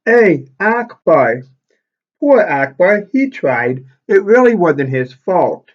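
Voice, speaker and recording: A male elementary school teacher reading a picture book aloud to children, expressive and stopping to explain the pictures. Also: sits high, slow, muffled recording.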